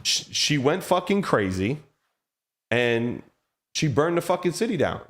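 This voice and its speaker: A man hosting a casual chat, telling excitable stories and swearing a lot. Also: on the high side, measured pace. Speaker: host.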